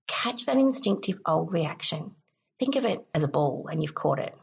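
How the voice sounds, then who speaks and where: A low-pitched woman with a husky, slightly gravelly voice talks a listener through a technique step by step. She sounds calm and instructive, like a self-help podcast host. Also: normal speed.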